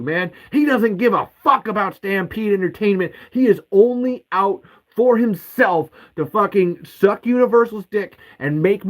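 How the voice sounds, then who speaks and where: In poor audio, a male podcast host rants angrily in a monologue, swearing heavily and repeating curses in a heated, profane way. His voice is high and a bit bright.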